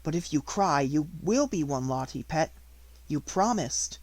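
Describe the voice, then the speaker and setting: Composed young girl, gently raised pitch, dry close sound, read by a man. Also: unhurried, no echo. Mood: comforting. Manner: calm, steady, comforting. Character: steady, kind young schoolgirl.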